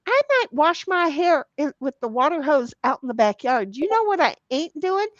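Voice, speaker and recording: A woman's voice: high voice, big pitch swings, normal speed, no echo, highs cut off. A woman hosting a casual livestream, reading viewer comments aloud in a salty, giggly way and swearing freely. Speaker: livestream host.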